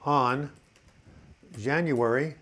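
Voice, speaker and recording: A man's voice: medium pitch, very slow, a bit bright. Chatty man hosting a live chat. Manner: chatty and rambling, reads viewer comments aloud; encouraging, addresses viewers as boys and girls. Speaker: host of a live video chat. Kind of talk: casual live-stream chat answering viewers.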